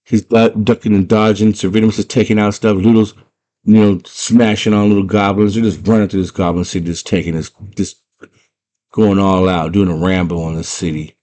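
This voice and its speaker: A young man excitedly retelling a fantasy movie scene by scene, full of slang and filler words. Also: on the low side, fairly quick. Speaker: movie fan retelling a film. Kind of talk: casual chat.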